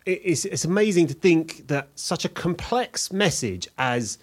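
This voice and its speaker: Man, fairly high voice, very lively pitch, sweary, musing, casual chat. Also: measured pace.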